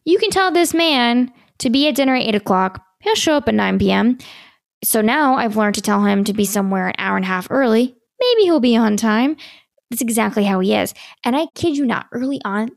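A young woman talks through dating advice in a casual, emphatic way, hammering points home by repeating them. Her voice sits a bit high with a gravelly fry, and the sound is dry and close. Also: dry recording.

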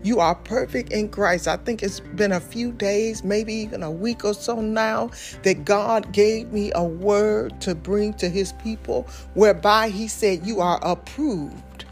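A woman's voice: medium pitch, fairly even intonation, a little slow, few pauses, darkish tone, faint music behind. A woman preacher delivering a sermon in a fervent, emphatic way, repeating key phrases. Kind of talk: sermon with sung worship opening.

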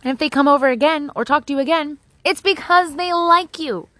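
A woman with a slightly higher voice gives loose, candid advice in a rambling monologue, swearing as she goes. She talks outdoors in her own yard. The sound is dry and close, with no room echo. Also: brisk, bright, forceful tone. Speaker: vlogger.

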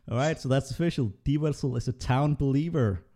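Man, host, casual panel chat, mellow, filler-heavy, voice changer. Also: medium pitch, moderate pace. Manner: chatty, frequent fillers and laughs. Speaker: podcast host. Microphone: voice run through a voice changer.

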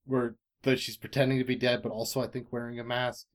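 A man's voice: medium pitch, flat delivery, fast. A man on a movie podcast panel, joking and rambling, with some swearing. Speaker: podcast co-host. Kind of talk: casual chat.

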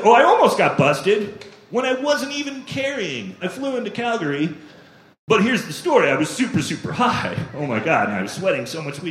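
A man's voice: medium pitch, fairly bright tone. A man performing a stand-up routine, telling profane, self-deprecating stories on a comedy club stage. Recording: echoey live club recording with noise.

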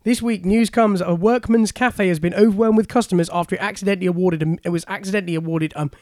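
A man's voice: high-pitched, fairly even intonation, fast, darkish tone, dry recording, studio quality. A man co-hosting a podcast, reading out news stories with chuckling asides. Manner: reads items out, chuckling asides. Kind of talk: casual chat, reading news aloud.

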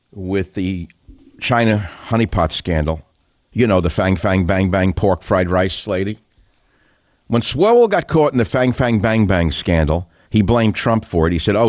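Low-voiced sarcastic talk radio host. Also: male voice, a little mellow, dry recording. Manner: sarcastic, combative ranting with sudden pitch jumps.

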